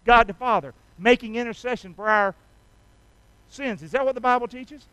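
A man's voice: very high voice, normal speed, fairly bright tone, smooth, dry recording, rough recording. A man preaching a sermon, folksy and full of rhetorical questions to the congregation. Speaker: pastor.

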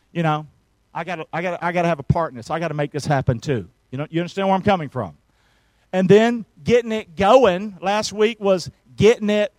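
High-voiced preacher, fired up. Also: male voice, no echo, low-quality recording. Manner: energetic, call-and-response with the congregation. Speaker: pastor. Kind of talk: sermon.

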